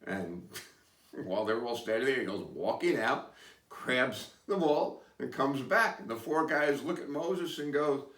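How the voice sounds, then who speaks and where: A podcast host with a mid-range, fairly bright voice speaks at a measured pace, recorded far from the mic in a roomy space. He tells stories in a casual, rambling chat, hesitant and full of asides.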